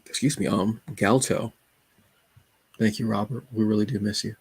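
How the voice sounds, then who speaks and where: Gravelly man chatting about his reading. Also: on the low side, normal speed, dry recording. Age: adult. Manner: relaxed, joking, storytelling with asides. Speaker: channel host. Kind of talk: casual talk about comics and books.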